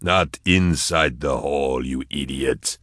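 A man's voice: extremely low pitch, takes it slowly, fairly bright tone, no room sound, clean studio sound, pitched below the performer's own voice, full character voice. A man voicing a sneering, short-tempered mobster boss who snaps at his crew. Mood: contemptuous. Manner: snapping, contemptuous.

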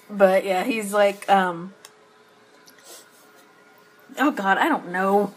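A woman's voice: medium pitch, drawn-out words, pauses often, breathy edge, low-quality recording. A woman co-hosting a podcast, recapping a TV episode in casual chat, meandering and laughing often as she loses her place. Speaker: podcast co-host.

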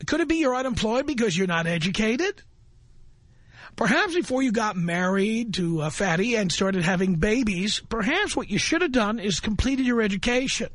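A man's voice: high-pitched, expressive, normal speed, fairly bright tone, no echo. A man hosting a talk radio show, reading a listener's message aloud and mocking it with sarcastic scolding.

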